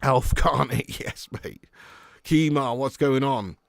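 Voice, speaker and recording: A man's voice: medium pitch, takes it slowly, vocal fry, dry recording, clean studio sound. Chatty man hosting a watch-along. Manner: chatty, reads out and answers viewer comments; bursts into loud excitement at match action. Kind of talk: live match watch-along chat.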